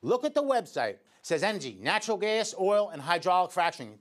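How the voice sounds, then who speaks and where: New electrician host, high-pitched voice, sarcastic editorial rant. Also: male voice, big pitch swings, fast talker. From Staten Island, New York. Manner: indignant, sarcastic, addresses people directly. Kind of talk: scripted editorial commentary.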